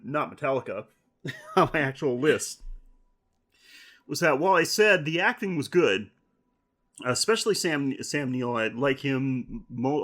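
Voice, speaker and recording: A man's voice: medium pitch, fairly bright tone. A man co-hosting a horror film podcast in casual chat, rambling, swearing and laughing often. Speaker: podcast co-host.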